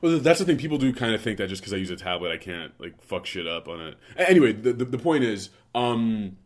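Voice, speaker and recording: A man's voice: lowish voice, big pitch swings, quick pace. A young man hosting a podcast, rambling in casual banter, jokey and profane. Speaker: podcast host.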